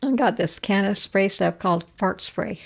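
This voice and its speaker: With a creaky, mid-range voice at normal speed, this older woman shares family stories during a casual interview. She tells them animatedly, acting out how each quoted person sounded.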